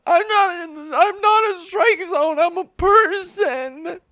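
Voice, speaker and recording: A woman's voice: extremely high pitch, slow, fairly bright tone, no room sound, pitched above the performer's own voice, full character voice. A woman voicing a hurt, whiny male baseball player who pleads through sobs for an apology. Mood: tearful pleading. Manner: weepy, pleading, sobbing. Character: whiny wounded male ballplayer, tearful and pleading.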